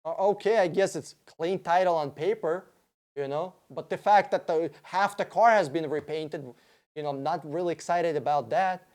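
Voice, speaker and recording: A man hosts a relaxed stream where he reads out audience questions, then replies with rambling, foul-mouthed enthusiasm. His pitch leans high and his pace is moderate.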